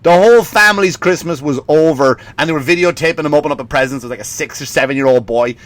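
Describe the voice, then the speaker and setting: A man's voice: on the high side, quick pace, dry recording. An Irish man, a stand-up comedian, ranting in a rambling way, swearing often and laughing at his own stories. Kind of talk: comedic rant.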